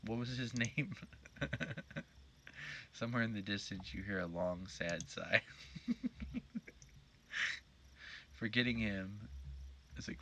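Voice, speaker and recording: A man's voice: lowish voice, takes it slowly, long pauses, a bit bright, slight background noise. A man streaming a game live, reading its text aloud in a joking, playful way.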